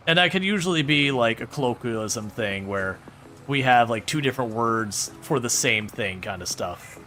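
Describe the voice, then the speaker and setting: A man's voice: medium pitch, moderate pace, pushed and bright, a little hiss or hum. A man streaming a farming game, chatting casually and rambling as he answers viewer questions. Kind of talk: casual livestream chat while playing a farming game.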